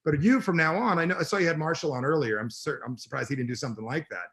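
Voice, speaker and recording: A man's voice: on the high side, very fast, background noise. A middle-aged man, a personal development coach, talking bluntly and emphatically in an interview. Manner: emphatic, blunt, swears freely. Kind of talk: energetic interview talk.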